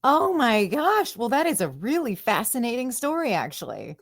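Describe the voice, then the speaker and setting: A woman's voice: fairly high pitch, no echo, clean studio sound. A woman guest on a podcast, chatting casually and laughing often. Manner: laughs often, lively and drawn-out remarks. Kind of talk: casual chat.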